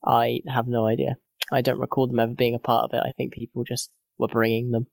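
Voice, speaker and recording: A man's voice: medium pitch, completely flat delivery, fast talker, vocal fry, darkish tone, no room sound. A man co-hosting a casual gaming podcast, joking and self-deprecating in loose banter. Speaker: podcast co-host.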